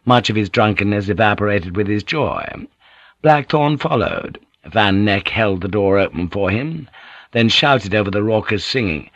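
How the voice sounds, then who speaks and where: A man narrating an audiobook in a measured, descriptive reading. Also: lowish voice, fairly bright tone, no room sound, muffled recording. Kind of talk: scripted narration.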